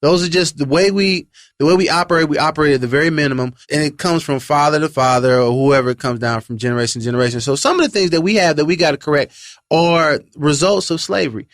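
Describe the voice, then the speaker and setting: A man's voice: a little high, fast, fairly bright tone, dry recording, studio quality. A man in a casual group discussion, speaking emphatically and repeating phrases for stress. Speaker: discussion panelist.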